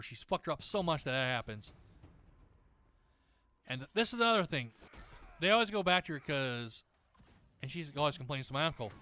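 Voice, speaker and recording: Gaming host, male, bright and clear voice, sweary ranting style, dry close sound. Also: fairly high pitch, dry recording. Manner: rambling, many restarts and fillers. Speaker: gaming video creator. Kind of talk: casual chat over gameplay.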